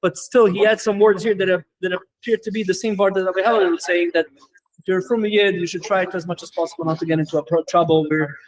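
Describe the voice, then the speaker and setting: A man teaching a Torah class as a rabbi, talking quickly with many fillers and restarts and mixing in Hebrew and Yiddish terms. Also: sits high, fairly even intonation, rough recording. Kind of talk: lecture.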